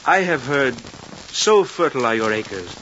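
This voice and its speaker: An actor playing a greedy, sly village mayor obsessed with taxes, who speaks in a pompous, knowing, formal way in an old radio drama. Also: male voice, medium pitch, big pitch swings, moderate pace, fairly bright tone, slight background noise. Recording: dull lo-fi old radio recording.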